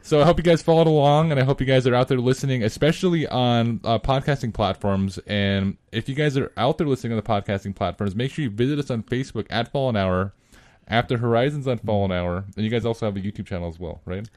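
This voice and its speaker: A man's voice: mid-range voice, fast talker, a little mellow, no echo. A man hosting a casual podcast chat, laughing often and joking with his co-hosts. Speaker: podcast host.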